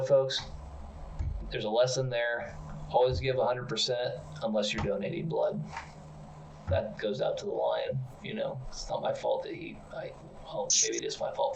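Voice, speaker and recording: A man co-hosting a comedy podcast, telling absurd stories in a rambling, deadpan way. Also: medium pitch, normal speed, far from the mic, a little hiss or hum, poor audio. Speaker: podcast co-host.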